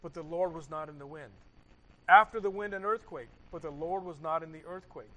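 High-voiced preacher with dramatic dynamics. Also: male voice, fairly quick, poor audio. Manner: swings from loud emphasis to hushed, repeats phrases, rhetorical questions. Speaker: pastor. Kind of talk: sermon.

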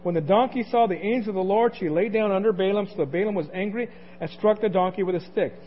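A man with a high voice preaches a sermon in a loose, conversational way, tossing questions out to his listeners. The recording is dull and lo-fi, with a faint hiss under it. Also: fast talker. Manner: conversational, asks the congregation questions, chuckles. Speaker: pastor.

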